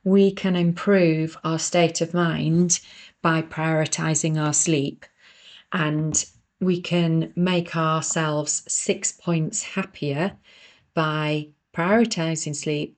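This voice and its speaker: An author reads her own self-help book aloud on her podcast, then breaks off into chatty, self-deprecating asides to listeners. Her voice sits low with a darkish tone.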